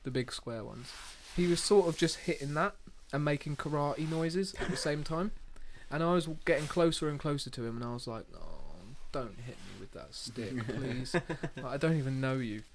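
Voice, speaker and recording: A man's voice: on the high side, fairly quick, hardly any pauses, slight background noise. A man co-hosting a casual podcast chat, telling stories with dry asides. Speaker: podcast co-host.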